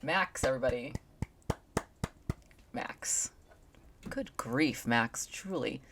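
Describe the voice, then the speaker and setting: A woman's voice: a bass voice, expressive, slow pace, background noise. A young woman streamer reading a visual novel aloud, chatting in playful asides.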